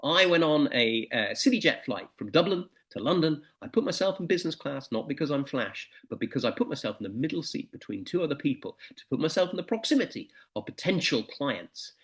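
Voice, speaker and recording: A man's voice: fairly high pitch, brisk, few pauses. A middle-aged man giving a motivational presentation, telling anecdotes and stories. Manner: anecdotal, animated storytelling. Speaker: motivational speaker.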